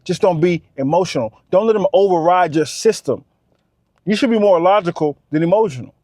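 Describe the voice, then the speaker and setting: A man's voice: high-pitched, animated, fairly quick, a little mellow, dry recording, studio quality. A man giving a casual, preachy monologue, repeating his points with emphasis. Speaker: vlogger.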